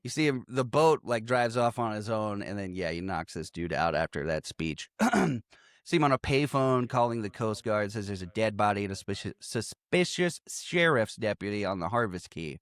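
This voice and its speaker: A man's voice: on the low side, normal speed, smooth, no echo. A man co-hosting a casual movie podcast, recapping scenes with laughter and acted-out lines. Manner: animated, laughing, acts out lines. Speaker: podcast co-host.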